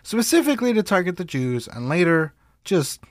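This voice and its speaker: A man's voice: sits high, very animated, moderate pace, no echo, studio quality. A young man co-hosting a comedic history podcast, playful and sarcastic. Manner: playful, sarcastic, breaks into silly voices. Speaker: podcast co-host.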